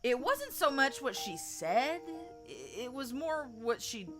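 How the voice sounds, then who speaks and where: A woman's voice: high-pitched, sing-song, slow pace, over music, full character voice. A woman with a Southern US accent voicing a young man who wryly recounts an awkward scene to a friend in a visual novel. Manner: wry, conversational storytelling. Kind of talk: reading a visual novel aloud.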